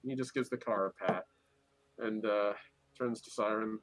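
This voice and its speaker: A man's voice: fairly low pitch, steady tone, normal speed, pauses often, no echo, low-quality recording. A man playing a tabletop game, narrating his character's actions with many hesitations. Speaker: player.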